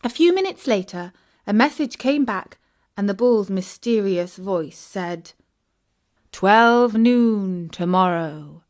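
A woman narrating a children's audiobook, clear and expressive. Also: medium pitch. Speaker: storyteller.

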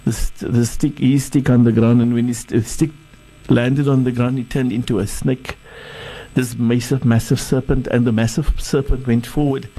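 A sheikh retelling a sacred story in a sermon, halting often and repeating words as he searches. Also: mid-range voice, warm tone, poor audio.

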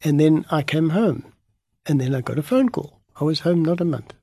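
A man, a pastor from Africa, telling a story in an animated way and acting out the dialogue. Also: a little high, normal speed, breathy edge, dry recording, studio quality. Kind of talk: storytelling testimony in an interview.

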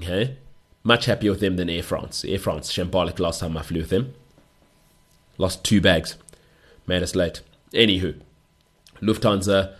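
A man hosting a solo podcast, rambling through jokey stories with mock-outraged asides. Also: low-pitched. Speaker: podcast host. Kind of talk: solo comic chat.

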